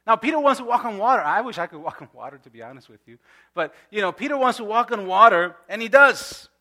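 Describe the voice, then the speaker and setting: Bright-voiced middle-aged pastor preaching casually. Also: male voice, high-pitched, big pitch swings, quick pace. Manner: conversational, many asides and restarts. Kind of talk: sermon.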